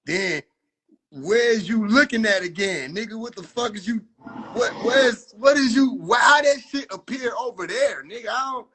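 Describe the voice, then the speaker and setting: Young man with husky raised voice. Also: animated, moderate pace. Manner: exasperated, profane, often shouting in disbelief then dropping to low mumbles. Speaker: video creator reacting to his own AI clips. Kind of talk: casual reaction commentary.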